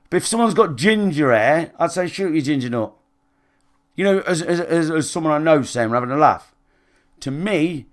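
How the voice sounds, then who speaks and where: A man with a British accent, a gaming live streamer chatting casually with his viewers, rambling and swearing, often checking if they follow him. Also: a little high. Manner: rambling and sweary, often asks "do you know what I mean".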